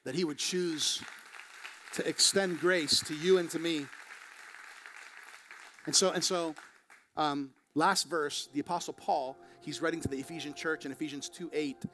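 A man preaching a sermon as pastor, moving between quiet, slow passages and quick, raised emphatic bursts. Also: fairly high pitch, steady tone, a faint crowd, slight background noise. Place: church.

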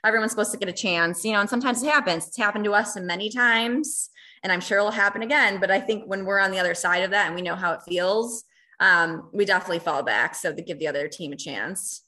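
A woman who runs a recreation program chats in an easygoing, hesitant way. Her voice is bright and forward. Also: mid-range voice, fast. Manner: hesitant, filler-heavy, with light laughs. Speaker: special recreation program leader. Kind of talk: casual chat.

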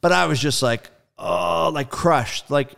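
A man being interviewed as a guest musician, telling a story in a casual, animated way, acting out quoted dialogue and swearing freely. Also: a little high, a little slow, creaky.

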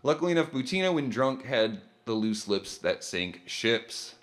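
A man co-hosting a casual podcast, reading an article aloud with stumbles and crude asides. His voice is a middle male pitch. He talks loosely and often jokes. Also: very animated. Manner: loose, profane, laughs often, reads haltingly. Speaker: podcast co-host.

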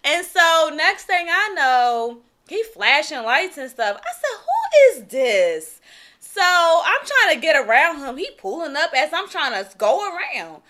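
A young woman co-hosting a casual podcast, telling a story with lots of energy, acting out quotes with shouts and laughter. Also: sits high, very animated, a little slow, few pauses. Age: young adult. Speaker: podcast co-host.

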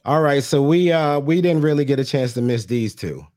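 A man co-hosting a casual comedy podcast, relaxed and joking, with loud laughs. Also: medium pitch, moderate pace. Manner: laid-back, joking, laughs loudly. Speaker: podcast co-host.

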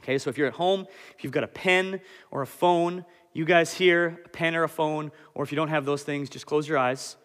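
A man's voice: a little high, fairly quick. Young man preaching in a reverberant hall. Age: 20s. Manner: animated, conversational, self-deprecating. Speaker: pastor. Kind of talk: sermon. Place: church hall.

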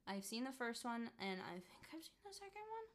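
A woman's voice: fairly high pitch, big pitch swings, fairly quick, a bit bright. A young woman chatting casually about horror movies, rambling with lots of fillers and laughs. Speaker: podcast co-host. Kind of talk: casual chat.

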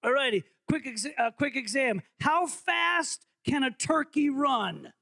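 A man's voice: very high-pitched, animated, measured pace, gravelly, pushed and bright, no echo. A man preaching as interim pastor, in a playful, jokey way, quizzing his congregation during an interactive holiday sermon.

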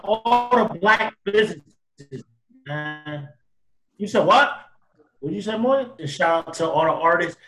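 A man hosts a casual chat with friends. He jokes loosely, getting loud and then trailing off. His voice sits a little high and rings in an echoey room. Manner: loose, joking, swings loud and soft. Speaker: podcast host.

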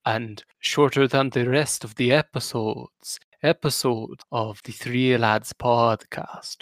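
A man's voice: mid-range voice, steady tone, slow, gravelly, few pauses, no echo, studio quality. A man hosting a casual podcast with friends, playful and jokey as he keeps the show moving. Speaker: podcast host.

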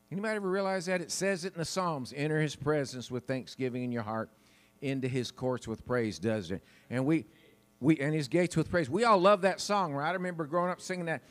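A man preaching a sermon into a wireless mic in a church, in a chatty, folksy way and laughing often. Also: on the high side. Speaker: pastor. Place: church sanctuary. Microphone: wireless handheld mic.

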